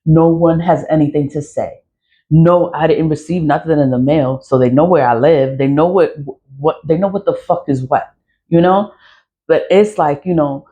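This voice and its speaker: A woman's voice: deep voice, warm tone, lo-fi sound. A middle-aged woman, venting angrily to camera in a profane monologue and repeating herself for emphasis. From New York. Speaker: vlogger.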